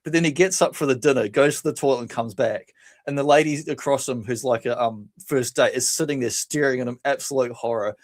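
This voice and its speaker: A man co-hosting a laid-back podcast. He tells stories with animated energy, laughing between lines and jumping into quoted voices. His pitch sits in the ordinary middle range for a man. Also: fairly quick. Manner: animated storytelling, laughs often, acts out quotes. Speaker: podcast co-host. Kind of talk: casual chat.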